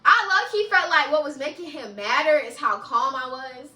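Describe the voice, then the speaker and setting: A young woman telling a casual story-time vlog, animated and laughing often, with frequent swearing, recorded in an echoey room a little away from the mic. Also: high voice, normal speed, distant mic. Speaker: vlogger.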